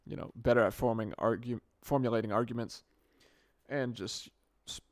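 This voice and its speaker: Rambling and often restarting or correcting himself mid-sentence, a young man hosts a casual solo podcast monologue. His medium-pitched voice has fairly even intonation at normal speed, captured close and dry on a good podcast microphone with no echo.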